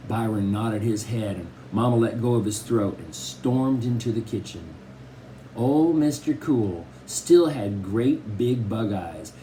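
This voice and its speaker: Male reader for a kids' novel, lively rise and fall, faint hiss behind. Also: mid-range voice. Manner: expressive storytelling, first-person boy narrator. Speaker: audiobook reader. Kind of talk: reading a children's novel aloud.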